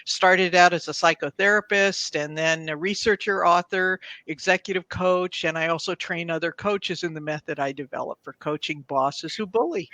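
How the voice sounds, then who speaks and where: Bright, earnest older woman guest. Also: on the low side, no echo. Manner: measured, earnest, re-enacts dialogue in anecdotes. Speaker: guest, executive coach. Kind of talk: interview storytelling.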